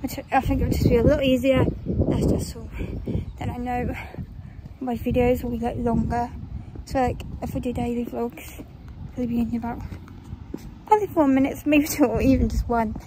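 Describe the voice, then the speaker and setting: A woman's voice: fairly high pitch, fairly even intonation, normal speed. A young woman chatting casually in a vlog, rambling and often dropping into a whisper. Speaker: vlogger. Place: at home and outdoors. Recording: background noise.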